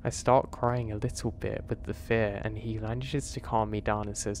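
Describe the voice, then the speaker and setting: A man narrating a first-person horror story in a measured, confessional way. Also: fairly low pitch, fairly even intonation, a little hiss or hum.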